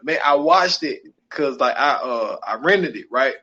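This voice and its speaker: A man's voice: medium pitch, animated, measured pace, pushed and bright, muffled recording. A man co-hosting a podcast in casual chat, loose and repetitive, leaning on "man" between phrases. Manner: loose, repeats himself, keeps saying "man". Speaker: podcast co-host.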